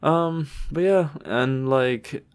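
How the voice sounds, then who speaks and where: A man's voice: on the high side, extremely slow, smooth. A man from Trinidad, co-hosting a podcast in laid-back casual chat, swearing freely and using many fillers. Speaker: podcast co-host.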